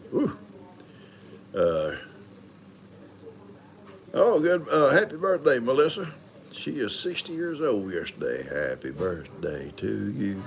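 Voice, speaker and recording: Gravelly older man chatting folksy. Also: deep voice, slight background noise. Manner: rambling, folksy, greets viewers by name. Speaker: livestream host. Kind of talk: casual live chat.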